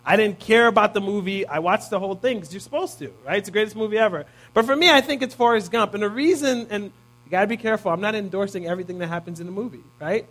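High-voiced man preaching casually. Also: fairly bright tone. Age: 30s. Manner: casual, peppers points with "right?". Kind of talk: conversational sermon.

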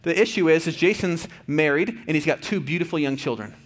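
A man in his thirties, a pastor giving a conversational, earnest sermon with fillers and restarts, going soft and quiet at tender points. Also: on the high side, fairly quick. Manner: drops to soft, quiet tones for tender moments.

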